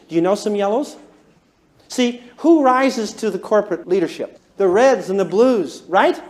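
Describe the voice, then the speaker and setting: A man teaching a class, animated and often chuckling as he talks, and quizzing his listeners. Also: sits high. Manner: animated, chuckles while talking, quizzes the audience. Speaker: instructor. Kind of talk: classroom lecture.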